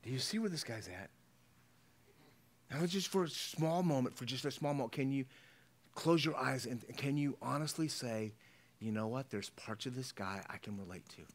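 Brief: middle-aged male pastor, informal preaching, mid-pitched, often asks the room if they follow. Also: expressive, normal speed. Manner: conversational, repeats words, checks in with the congregation. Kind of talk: sermon.

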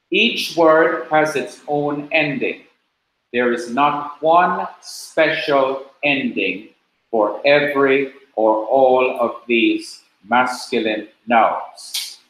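A man teaching a class, explaining slowly and patiently and repeating key points. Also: mid-range voice, fairly bright tone. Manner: slow, patient explaining with repetition. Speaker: preaching school teacher. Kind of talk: classroom lecture. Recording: very echoey classroom.

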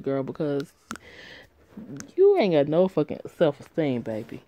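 A woman's voice: low-pitched, big pitch swings, moderate pace, warm tone, no room sound, muffled recording. A woman giving crude, sassy, profane commentary while she reads a story.

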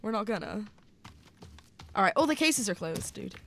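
A woman's voice: medium pitch, very animated, vocal fry, slight background noise. Playful woman hosting co-op gameplay. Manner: playful, teasing, drawn-out pleading. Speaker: gaming channel host. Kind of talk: co-op gameplay commentary.

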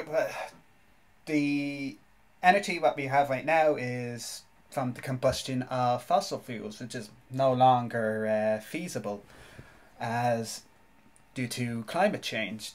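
A man's voice: medium pitch, darkish tone. A man from Ireland, a podcast guest, explaining a topic hesitantly with many restarts.

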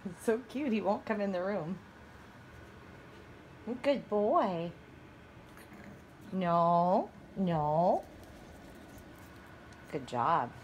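A woman at home chatting to her pet in a high, sing-song baby-talk voice, recorded on a phone. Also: animated, drawn-out words, pauses often, darkish tone, muffled recording. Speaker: pet owner. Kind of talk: talking to pets at home. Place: indoors at home. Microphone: handheld phone camera. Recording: noisy home phone video.

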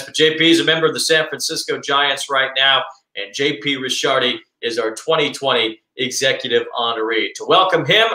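A man's voice: medium pitch, pushed and bright, roomy sound, poor audio. A man hosting a virtual gala, introducing guests with light joking remarks. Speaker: gala host.

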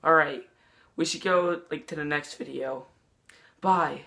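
A YouTuber hosting a goofy comedy vlog. The voice is bright and the pace slow and drawn out. The delivery is deadpan and mock-dramatic. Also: medium pitch, creaky.

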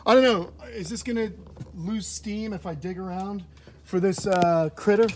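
Guy walking around his animal sanctuary streaming on his phone, kinda high voice, hyped and chatty, phone mic cuts in and out as he turns. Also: fairly even intonation, normal speed, slight background noise. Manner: enthusiastic, chatty, addresses viewers as guys. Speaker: wildlife sanctuary vlogger. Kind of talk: live-streamed walking tour. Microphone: phone held while walking.

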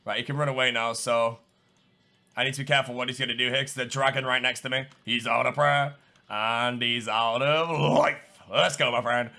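A young man giving excitable live gameplay commentary, swinging between low muttering and loud yelling. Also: a little fast, gravelly. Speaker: gaming streamer.

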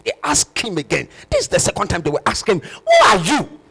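A pastor preaching a sermon with impassioned, shouted emphasis and repeated phrases. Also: male voice, sits high, huge pitch swings, fast, creaky, slight background noise.

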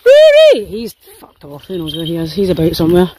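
A woman's voice: fairly low pitch, steady tone, fast talker, background noise. A Scottish woman walking dogs through a wet forest, chatting casually and playfully to her phone and the dogs, with the odd swear. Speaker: dog walker. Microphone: handheld phone while walking.

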